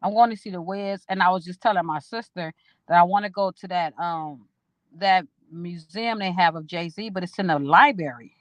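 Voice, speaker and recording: A woman's voice: fairly low pitch, normal speed, dry recording, low-quality recording. A middle-aged woman chatting casually to her viewers on a phone livestream from a park, rambling through memories with an emotional, swearing style. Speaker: vlogger talking to viewers. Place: outdoors at a park.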